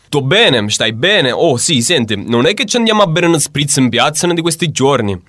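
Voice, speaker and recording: An effusive Neapolitan guy on the phone, as a man puts him on, with a Neapolitan accent and loud, very high-pitched speech. His phrases are sing-song and clipped. The sound is dry and bright. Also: sing-song, fast, no echo. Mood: exuberant.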